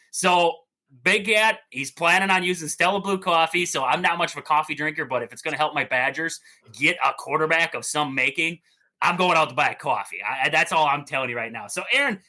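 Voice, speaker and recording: A man hosting a casual sports podcast, excitable and rambling, often repeating himself. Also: a little high, fairly quick. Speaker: podcast host.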